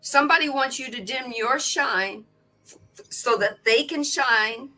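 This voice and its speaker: Lady cohost with a bright forceful voice, slow and expressive, acts out quotes. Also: high voice, faint music behind. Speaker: co-host. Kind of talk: casual spiritual chat.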